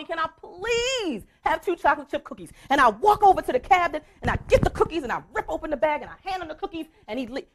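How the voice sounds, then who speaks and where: Woman coach fired up on a conference stage, high voice that swings all over, punchy and repetitive. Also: a bit bright. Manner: emphatic, repetitive, storytelling, addresses audience as y'all. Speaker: motivational speaker and coach. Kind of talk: motivational stage speech.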